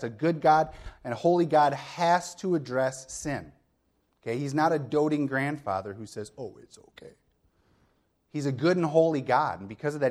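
This middle-aged pastor's voice is a little high and a little mellow as he preaches in a conversational way. He guides the congregation through the point stage by stage, with rhetorical questions and a frequent "okay?".

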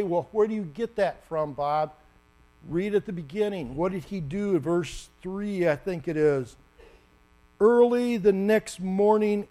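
High-voiced man preaching a sermon. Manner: animated, acts out the story with sudden loud bursts.

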